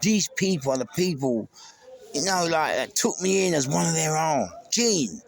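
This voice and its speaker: A man's voice: fairly high pitch, big pitch swings, normal speed, gravelly. A middle-aged man with a London accent, speaking an emotional, rambling tribute to camera with many restarts. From England. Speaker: vlogger. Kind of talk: casual tribute monologue.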